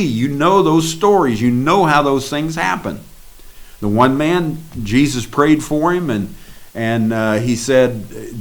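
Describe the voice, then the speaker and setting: A man preaching a sermon, earnest, dropping to a soft confiding voice and then rising into emphatic lines. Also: medium pitch.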